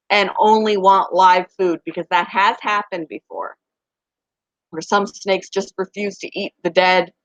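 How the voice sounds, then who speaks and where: A woman hosting a casual chat with her viewers, talking fast and laughing often. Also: medium pitch, a bit bright, dry recording. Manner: chatty, laughs often, baby talk to pets. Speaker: pet channel host. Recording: dry, slightly muffled home recording.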